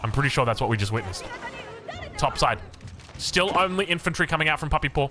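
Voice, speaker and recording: Lively Australian man casting a match. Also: a little high, fast, faint music behind. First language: English. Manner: animated, jokey, self-mocking asides. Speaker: game caster. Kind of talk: esports match commentary.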